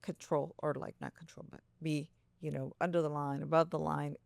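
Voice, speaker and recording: A woman co-hosting a casual podcast, chatty and animated, who laughs often and acts out her own thoughts in a higher voice. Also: normal speed, gravelly, no echo. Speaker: podcast co-host. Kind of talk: casual chat.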